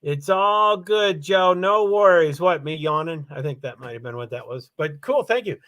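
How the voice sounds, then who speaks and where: A man's voice: a little high, lively intonation, moderate pace, a bit bright. A tired man hosting a casual livestream, rambling with many fillers as he reads out names and chats to viewers. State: tired, yawning. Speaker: livestream host.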